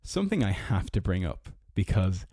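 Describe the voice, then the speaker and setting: A man's voice: very animated, moderate pace, dark tone, dry recording, studio quality. Rambling young Irish man. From Ireland. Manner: rambling storyteller, sarcastic, mock-squeaky when mocking. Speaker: podcast host. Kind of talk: casual solo podcast monologue. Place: parked car.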